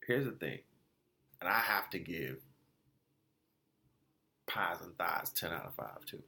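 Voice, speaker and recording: Hyped guy ranting about food he ate, lowish voice but swings all over, bright edge. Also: takes it slowly, vocal fry. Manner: animated, slangy storytelling with many restarts. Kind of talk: casual food review vlog.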